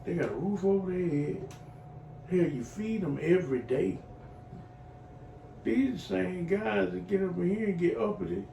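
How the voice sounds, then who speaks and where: Earthy, animated middle-aged man telling his story. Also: high voice, unhurried, gravelly, pauses often. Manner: earthy, animated storytelling, acting out neighbors' voices. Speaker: client in a recovery program. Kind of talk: heartfelt personal testimony. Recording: echoey room, voice from far off, faint noise.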